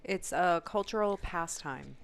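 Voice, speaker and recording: A woman's voice: fairly low pitch, a little slow, gravelly, a little hiss or hum. A woman co-hosting a casual podcast, laid-back, giving dry, short replies. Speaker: podcast co-host. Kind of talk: casual chat.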